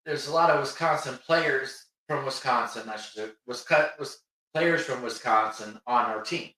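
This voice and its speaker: A man's voice: mid-range voice, normal speed, sharp tone. Middle-aged northern new york guy cohosting sports talk, laid back, sits far from the mic in a really echoey room. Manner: easygoing, chiming in with agreement. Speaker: co-host. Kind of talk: casual sports chat.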